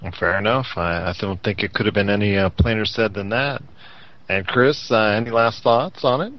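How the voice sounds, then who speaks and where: A man hosting a casual chat, speaking in a relaxed, wry way. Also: on the low side, moderate pace, lo-fi sound. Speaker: host.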